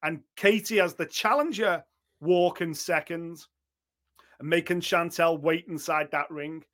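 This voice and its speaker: A man's voice: on the high side, measured pace, fairly bright tone. A man giving blunt, opinionated boxing talk on a podcast, swearing freely and acting out what others might say. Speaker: boxing pundit.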